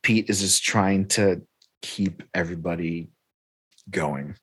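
A man in casual chat, retelling a comic story with lively acted-out dialogue. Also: low voice, slow pace, slightly rough, no room sound. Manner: animated retelling, reads captions aloud and acts out dialogue. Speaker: podcast co-host recapping comics.

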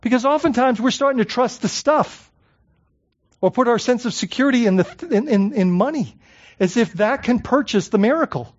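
A man's voice: very high voice, lively intonation, normal speed. Man preaching with rhetorical questions. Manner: repeats words while searching for phrasing. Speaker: pastor. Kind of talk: sermon. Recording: dull lo-fi recording.

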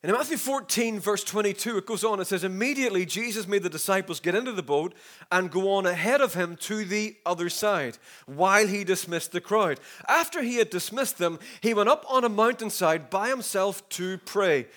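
A man preaching a sermon, lively, dropping into hushed asides and acting out the story's voices. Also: high voice, normal speed. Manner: animated, shifts between loud and hushed asides.

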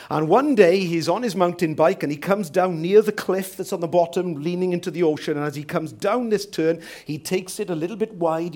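A man preaching a sermon as pastor in a church, telling stories lively and asking rhetorical questions. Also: on the high side.

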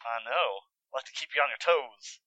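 A man's voice: medium pitch, fairly quick, pushed and bright, no room sound. A man co-hosting a podcast in casual chat, laid-back and teasing. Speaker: podcast co-host.

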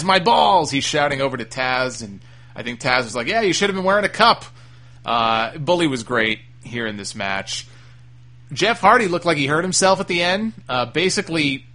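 A man's voice: medium pitch, bright, forceful tone. A man hosting a solo podcast, recapping and reading listener mail in a frank, opinionated way with casual swearing. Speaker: wrestling podcast host.

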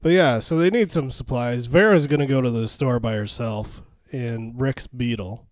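A man's voice: medium pitch, normal speed, no room sound, clean studio sound. A man co-hosting a podcast, retelling a movie plot in casual chat, laughing and swearing often. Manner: laughing, profane, animated retelling. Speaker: podcast co-host.

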